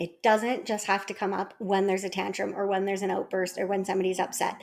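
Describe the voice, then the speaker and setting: A woman working as a parenting consultant, giving an instructional presentation in a calm, explanatory, step-by-step way. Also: medium pitch. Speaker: early childhood parenting consultant.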